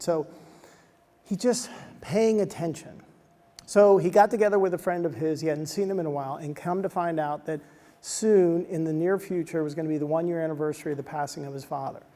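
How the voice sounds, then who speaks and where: Male motivational speaker, high mellow voice, lively storyteller, long hall reverb. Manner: animated, acts out dialogue, many "like" fillers. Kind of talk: energetic talk.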